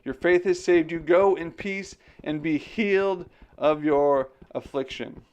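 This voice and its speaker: A man reading Jesus, earnest and gentle. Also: on the high side, a little slow, smooth, muffled recording, lightly acted. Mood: tender. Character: gentle male teacher, Jesus.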